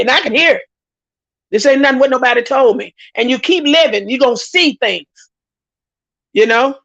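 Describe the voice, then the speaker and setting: Woman livestream host, high voice, emphatic and repetitive. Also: gravelly, a bit bright, muffled recording. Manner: talkative, emphatic, repeats herself for emphasis. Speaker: host reading viewer comments. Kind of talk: casual livestream commentary.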